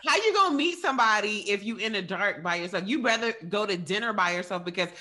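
A woman's voice: medium pitch, fast. A woman hosting a podcast who chats casually and tells stories with lots of laughter. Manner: animated storytelling, laughs often. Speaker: podcast host. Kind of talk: casual chat.

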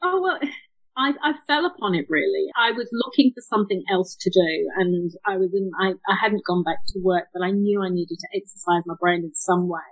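A woman's voice: lowish voice, fairly quick, dull audio. A woman from England with a northern English accent tinged with New Zealand, a guest chatting in an interview, with frequent small restarts. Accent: northern English, slightly New Zealand. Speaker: guest, web developer. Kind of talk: casual interview chat.

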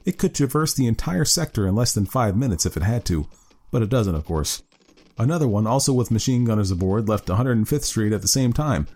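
A man's voice: lowish voice, animated, fairly quick, darkish tone, breathy edge. A man voicing a grim middle-aged man who hunts ghouls beneath the city, fervent and gloating. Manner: fervent, rising to frenzied gloating. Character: grim middle-aged male underground ghoul-hunter chief. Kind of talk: dramatic story reading.

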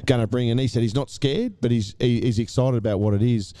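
Male host, quick and conversational, warm and mellow. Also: medium pitch, dry recording. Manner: quick, chatty questioning. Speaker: podcast host. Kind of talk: casual interview.

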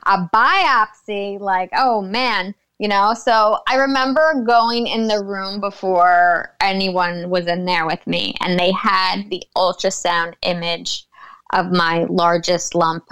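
Young woman, podcast guest, clear smooth voice, lively storyteller who acts out quotes. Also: medium pitch, slow pace. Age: young adult. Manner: animated storytelling, laughs often, acts out quotes. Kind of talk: casual chat.

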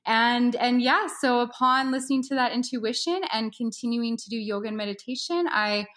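A woman's voice: on the high side, normal speed, fairly bright tone. A young adult woman, a yoga instructor and mindset coach, speaking reflectively in a casual interview, with frequent "you know" and "right".

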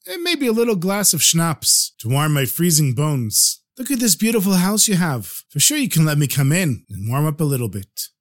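A man's voice: fairly high pitch, very animated, normal speed, few pauses. A man voicing a humble old prophet disguised as a poor beggar, pleading to be let in from the cold.

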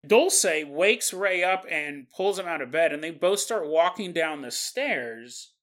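A male podcast host telling a story in a relaxed, conversational style, often pausing for asides to the listener. His voice is bright and forward in tone, and he talks at an unhurried, slow pace. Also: a little high.

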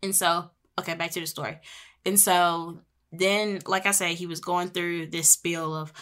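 Young woman host, casual storyteller, bright and slightly low-pitched, animated. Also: measured pace. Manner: chatty and animated, acting out quoted voices.

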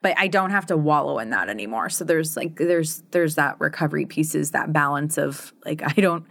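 A woman's voice: sits low, moderate pace, vocal fry, fairly bright tone, no room sound, studio quality. A woman in her thirties co-hosting a podcast, talking candidly in a chatty way with frequent laughs and many fillers. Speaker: podcast co-host. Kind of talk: casual conversation.

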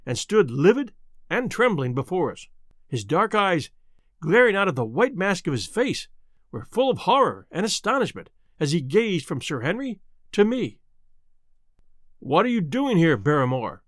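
Male audiobook narrator, dramatic and expressive, lively high voice, dry close sound. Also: dry recording. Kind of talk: scripted narration.

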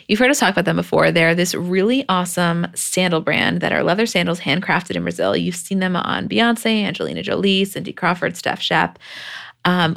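Woman, podcast co-host, casual chatty recap, lively pitch, gravelly. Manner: chatty recapping with fillers and laughs. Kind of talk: casual chat and ad read.

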